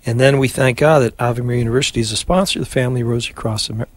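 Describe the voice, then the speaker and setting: A man hosting a live radio prayer show, leading the rosary in a steady call-and-response cadence and chatting between decades. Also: medium pitch, rapid-fire. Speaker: radio host.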